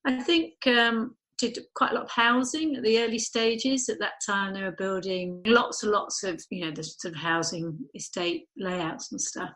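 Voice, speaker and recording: A middle-aged woman speaking as an interview guest at an everyday pitch. She talks thoughtfully and loosely, restarting sentences and dropping in "you know" as she works through her ideas. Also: normal speed, few pauses, fairly bright tone, low-quality recording. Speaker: architect guest. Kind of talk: conversational interview.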